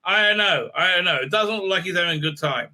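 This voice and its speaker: A man's voice: sits high, fast talker, bright, forceful tone. A man hosting a casual recap and review, rambling with many fillers and restarts and acting out the characters' lines. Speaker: host.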